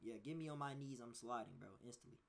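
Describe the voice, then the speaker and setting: A man's voice: medium pitch, quick pace, gravelly. A man streaming himself as he reacts to a video, in loose slangy banter that circles back on itself. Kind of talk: casual reaction commentary.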